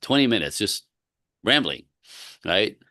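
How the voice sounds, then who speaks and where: A man's voice: fairly low pitch, measured pace, no room sound, studio quality. A man, a relationship coach, chatting casually on a podcast and telling stories animatedly, acting out both sides of conversations. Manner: animated storytelling, acts out both sides of dialogue.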